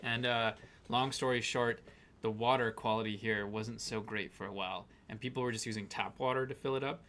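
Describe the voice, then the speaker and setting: A man's voice: on the low side, fairly even intonation, brisk, a bit bright. A man co-hosting a casual live stream, chatting loosely and reading out viewers' greetings.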